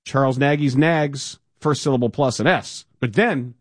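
A man co-hosting a casual sports talk show, reading a column aloud with playful, animated emphasis. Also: mid-range voice, moderate pace, no echo, clean studio sound. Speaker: radio co-host.

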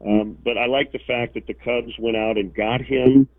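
A man, a baseball broadcaster calling in as a guest, giving measured analysis with many fillers. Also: mid-range voice, steady tone, dry recording. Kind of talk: phone interview analysis. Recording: tinny dry phone line.

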